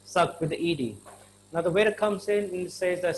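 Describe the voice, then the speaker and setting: A man's voice: a little high, quick pace, a little hiss or hum, low-quality recording. Chatty Indian-accented male English teacher. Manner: chatty, many fillers, acts out little dialogues. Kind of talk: informal English lesson.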